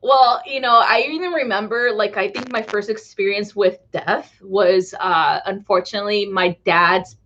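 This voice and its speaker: A woman's voice: mid-range voice, moderate pace, few pauses, fairly bright tone, highs cut off. A woman from Southern California who hosts a spiritual live stream. She tells stories to her chat casually, rambles, laughs often and acts out the voices of people she quotes.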